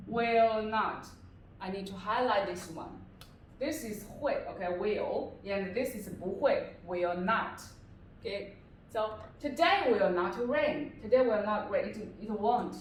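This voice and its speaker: A woman's voice: mid-range voice, recorded from a distance, a little hiss or hum. A woman tutor giving a classroom-style lesson, patiently repeating each phrase and explaining it step by step. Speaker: language tutor. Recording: echoey room, voice away from mic.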